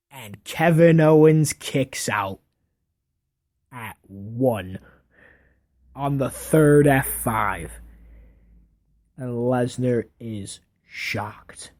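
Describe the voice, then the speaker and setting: A man's voice: mid-range voice, darkish tone. A man casually narrating a wrestling match play by play in an offhand way, correcting himself as he goes. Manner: unhurried, offhand storytelling with self-corrections. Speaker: wrestling fan recapping an imagined match.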